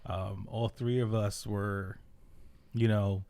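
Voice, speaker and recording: A man's voice: fairly low pitch, little pitch movement, slow, mellow. Upbeat slangy male podcast host. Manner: upbeat, slangy, laughs often. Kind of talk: casual chat.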